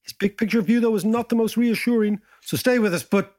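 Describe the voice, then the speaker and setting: High-pitched and fairly fast, this podcast host banters casually with his co-host. He jokes around and spins animated stories.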